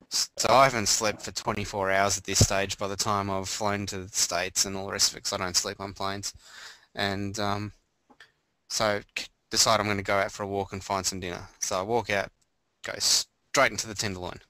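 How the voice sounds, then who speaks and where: A man co-hosting a podcast, chatting casually and telling animated stories. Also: lowish voice, moderate pace, no room sound. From Australia. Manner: animated storyteller, acts out voices. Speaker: podcast co-host. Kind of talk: casual chat.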